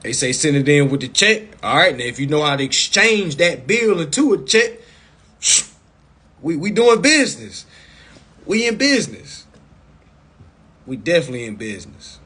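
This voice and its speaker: A man coaching viewers in a casual live stream over a phone mic, blunt and profane, repeating himself and breaking into loud, emphatic bursts. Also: fairly high pitch, big pitch swings, moderate pace, long pauses, slightly rough.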